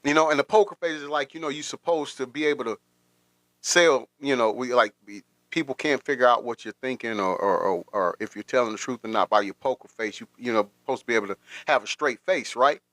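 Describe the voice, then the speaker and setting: A man's voice: medium pitch, a little fast, a bit bright, dry recording. A man hosting a casual livestream, rambling through commentary with repeated words and frequent laughter. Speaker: livestream host.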